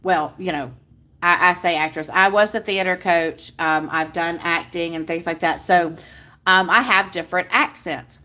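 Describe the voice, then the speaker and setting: A woman's voice: fairly low pitch, normal speed, sharp tone. A woman hosting a casual livestream, bubbly and gushing as she greets viewers by name. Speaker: livestream host. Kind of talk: casual live chat with viewers.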